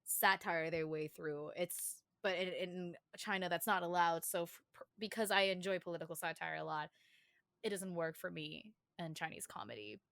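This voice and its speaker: Young woman cohost, bright voice, giggly, dry close sound. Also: fairly low pitch, moderate pace, gravelly, no echo. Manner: giggly, laughs often, mimics chirpy newsreaders. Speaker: podcast co-host. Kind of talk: casual chat.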